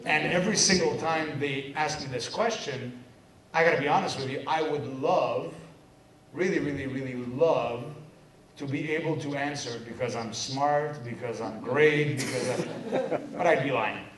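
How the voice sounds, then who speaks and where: A man in his thirties from Quebec giving a lively motivational seminar talk, joking and poking fun at himself as he tells his story. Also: mid-range voice, moderate pace, crowd noise. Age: 30s. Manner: energetic, joking, self-mocking storyteller. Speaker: business seminar speaker. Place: seminar hall with a live audience. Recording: echoey hall, distant mic, audience.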